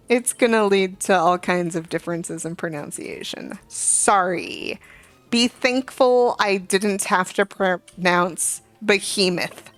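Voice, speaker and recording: A woman's voice: medium pitch, unhurried, fairly bright tone, no echo. A young adult woman streaming a game, chatting casually and telling a rambling story full of fillers and asides. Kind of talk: casual gaming chat. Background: faint game music.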